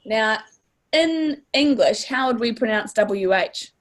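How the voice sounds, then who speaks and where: A woman's voice: fairly high pitch, animated, takes it slowly. A woman with a New Zealand accent teaching a class, upbeat and encouraging, stretching words out to model sounds. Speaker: language teacher.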